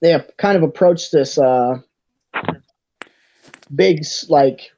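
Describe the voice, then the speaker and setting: A game master narrating a tabletop game in a halting way, full of fillers and restarts. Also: medium pitch, warm tone, lo-fi sound, slight background noise. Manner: hesitant, many fillers and restarts.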